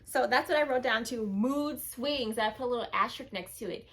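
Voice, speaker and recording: A young woman vlogging casually to camera, chatty and animated, acting out past moments in a higher voice. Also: fairly quick, poor audio.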